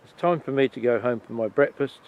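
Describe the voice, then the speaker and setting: Man, relaxed outdoor video narration, descriptive, muffled lo-fi audio, open air. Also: mid-range voice, fairly quick. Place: outdoors by marshland at dawn.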